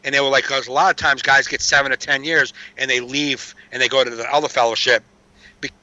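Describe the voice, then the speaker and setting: A man's voice: mid-range voice, steady tone, fairly quick, bright, forceful tone, dry recording, dull audio. A man telling recovery stories in a casual chat, streetwise and swearing freely. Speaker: podcast guest.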